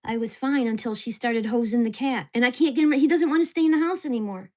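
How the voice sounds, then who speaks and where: A woman's voice: fairly high pitch, fast, a little mellow. A woman in her sixties, venting to camera at home in an agitated, swearing rant. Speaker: vlogger. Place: at home in a mobile home park.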